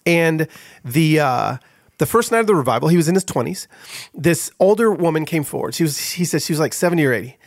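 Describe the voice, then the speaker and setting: A middle-aged man telling a personal story as an author being interviewed, in an animated, expressive way. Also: fairly high pitch, fairly quick, creaky, dry recording, studio quality.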